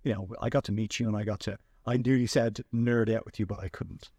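A man hosting a podcast and telling a story in a chatty, animated way with lots of restarts. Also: on the low side, fairly quick, no echo, clean studio sound. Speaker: podcast host. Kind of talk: casual storytelling chat.

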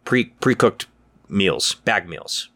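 A man's voice: lowish voice, expressive, slow, bright, forceful tone. A man co-hosting a podcast in casual chat, laid-back and profane, laughing often. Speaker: podcast co-host.

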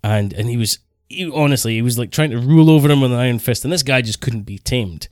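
A man co-hosting a casual podcast, telling stories in a rambling, animated way. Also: medium pitch, quick pace, dry recording, studio quality. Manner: rambling, animated storytelling with self-corrections. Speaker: podcast co-host.

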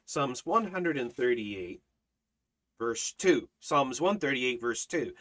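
A man's voice: mid-range voice, big pitch swings, slow, a bit bright. A man leading a livestreamed Bible study, preaching emphatically with repeated phrases and rhetorical questions, and reading scripture aloud in old-fashioned wording. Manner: reads scripture aloud in King James wording.

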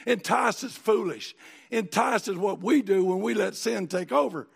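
A man preaching a sermon in a folksy, animated storytelling manner. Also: high voice, moderate pace, creaky, slightly rough. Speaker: pastor.

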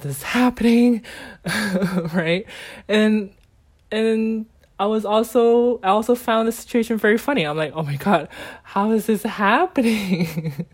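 A woman's voice: low-pitched, no room sound. Chatty woman telling a story, often laughing. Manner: animated, laughs often, frequent ums and restarts. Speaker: online seller in a direct sales company. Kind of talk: casual personal storytelling.

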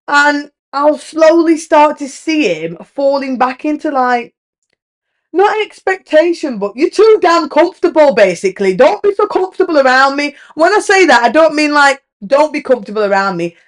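This podcast host, a woman in her thirties, has a high-pitched voice and a moderate pace. She tells a candid, emphatic relationship story with lively rises, swearing casually as she goes.

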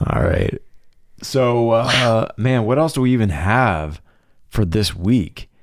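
A man's voice: medium pitch, takes it slowly, no room sound. Laid-back teasing man, dry close sound. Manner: easygoing, teasing, laughs often. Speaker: podcast co-host. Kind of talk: casual chat.

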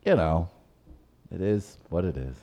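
A man with a low voice chats casually as a podcast host. His pitch swings widely, and he jumps up high when he is indignant or joking. He comes across as a man in his thirties. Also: expressive, measured pace, warm tone. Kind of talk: casual chat.

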